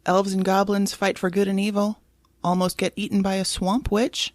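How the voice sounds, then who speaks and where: A woman's voice: mid-range voice, flat delivery, moderate pace, darkish tone, no echo, studio quality. A woman co-hosting a casual podcast, reading out quiz clues and laughing easily. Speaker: podcast co-host.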